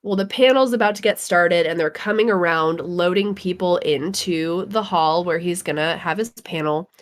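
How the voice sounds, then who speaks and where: A woman co-hosting a live podcast, telling a story in a lively way and acting out what people said. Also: on the low side, normal speed. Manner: animated storyteller, acts out quotes. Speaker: podcast co-host. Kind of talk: casual chat, storytelling.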